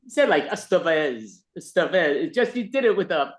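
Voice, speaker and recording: A man's voice: sits high, very animated, quick pace. A man among improv players, wry and quizzical, over a video call.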